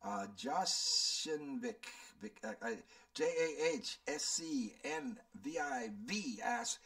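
A man's voice: fairly high pitch, wildly swooping pitch, takes it slowly, vocal fry, bright, forceful tone, distant mic. A man in his seventies, a channel host, rambling and thinking aloud as he answers viewer questions. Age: 70s. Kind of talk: casual Q&A chat.

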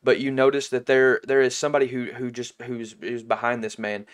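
A man narrating a tabletop game as game master, halting and restarting often. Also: medium pitch, level tone. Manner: halting, with many restarts and fillers.

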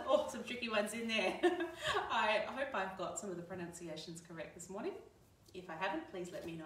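Woman, children's session presenter, high and bright, cheerful sing-song delivery; echoey room, mic at a distance. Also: expressive, moderate pace. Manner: cheery, sing-song, talking to little ones and parents. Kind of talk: livestreamed baby and toddler singing session.

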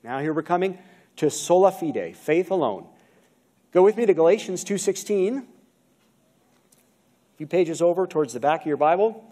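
A man's voice: a little high, expressive, moderate pace, pauses often, warm tone. A man with an American accent preaching a sermon from the pulpit, asking the congregation questions as he goes. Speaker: pastor. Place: church sanctuary. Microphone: video-recorded pulpit mic.

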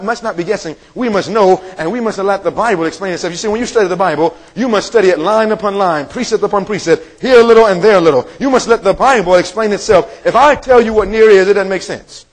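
A man's voice: high voice, fast, few pauses, husky, low-quality recording. A male evangelist preaching a sermon to a congregation in a meeting room, emphatic and quizzing his listeners with questions.

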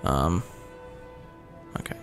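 A man's voice: drawn-out words, fairly bright tone. A man giving rambling, casual commentary as he plays a game, mocking himself and swearing often. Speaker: gaming video host. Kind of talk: casual let's-play commentary. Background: game sounds and music.

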